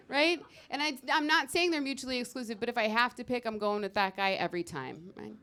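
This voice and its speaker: A woman working a stand-up set on stage, talking in a brash, punchy way. Her voice sits a touch high for a woman, and she keeps a casual, conversational delivery. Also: fast talker, few pauses, sharp tone. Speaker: stand-up comedian.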